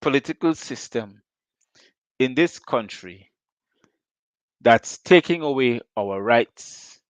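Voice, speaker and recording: A man's voice: medium pitch, lively intonation, slow, no room sound. A Guyanese man hosting a call-in show, firing off rhetorical questions in a fiery political monologue.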